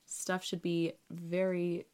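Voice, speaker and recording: A woman's voice: on the low side, monotone, slow, darkish tone, clear, resonant tone. A woman co-hosting a podcast in casual chat, bubbly and teasing, laughing often. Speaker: podcast co-host. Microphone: call recording.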